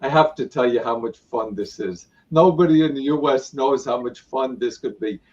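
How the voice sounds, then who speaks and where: A man's voice: mid-range voice, normal speed. Man, guest storyteller, acts out quotes, distant mic, dull lo-fi sound. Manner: retells events with repeated "I go" and acted-out quotes. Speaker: guest, spiritual teacher. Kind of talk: animated personal storytelling.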